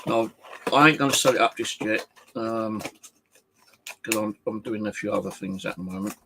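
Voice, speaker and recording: A man's voice: fairly low pitch, moderate pace, gravelly, background noise. A man, talking casually to camera at home, rambling and swearing in an aggrieved way. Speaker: vlogger. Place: home flat indoors.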